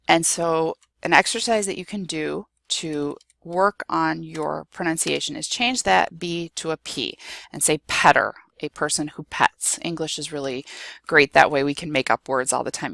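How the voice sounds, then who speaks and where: A woman's voice: sits low, gravelly, a bit bright, dry recording, clean studio sound. A woman with a Midwestern American accent, a Spanish teacher explaining pronunciation in a reassuring way, with many ums and okays. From United States. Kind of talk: recorded screen-share lesson.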